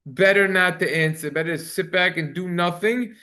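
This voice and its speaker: With a high-sitting voice that sounds pushed and bright, a rabbi moves at a moderate pace through a Talmudic halacha lesson. He chants Hebrew in a singsong, then translates and explains it casually, correcting himself at times.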